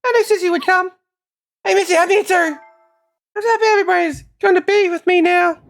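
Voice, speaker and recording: A woman voicing a frightened, hopeful young girl in a high, childlike voice. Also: fairly quick, vocal fry. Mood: anxious.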